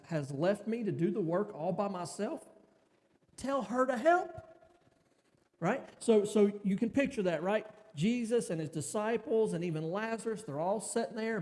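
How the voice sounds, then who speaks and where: A man's voice: sits high, mellow, big-room sound. A man giving a conversational church sermon, stumbling and restarting often and filling gaps with "you know". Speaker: preacher.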